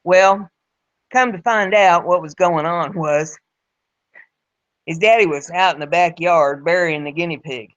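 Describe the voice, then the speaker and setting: A woman's voice: on the low side, unhurried, long pauses, no echo. A woman tells a homespun story with folksy phrasing and repeats herself as she goes. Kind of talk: spoken storytelling. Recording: dull lo-fi recording.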